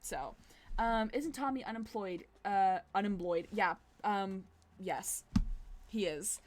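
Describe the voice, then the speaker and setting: A young woman in her twenties streams a game and chats along in casual commentary. She is giggly and excitable, her voice sitting at a middle pitch. Faint noise hums behind her. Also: slow.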